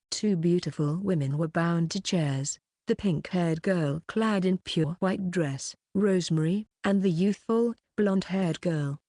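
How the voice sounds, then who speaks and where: Brief: woman narrator, low mellow voice, steady read, dry close sound. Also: no room sound. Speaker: audiobook narrator. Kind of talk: scripted audiobook narration.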